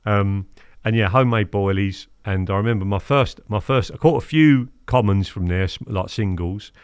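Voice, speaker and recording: Guest in his fifties, low voice, dry sound, animated storyteller. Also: moderate pace, clean tone, no room sound. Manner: animated, acts out quotes, keeps asking "do you know what I mean?". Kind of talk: casual storytelling interview.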